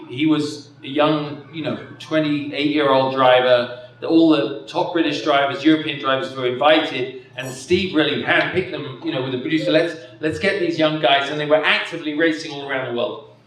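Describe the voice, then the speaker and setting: A man's voice: fairly high pitch, fairly bright tone. A man in his fifties giving an after-dinner keynote speech, rambling and self-deprecating with frequent chuckles. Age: 50s. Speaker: keynote speaker. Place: indoor dinner hall. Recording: echoey hall from far off.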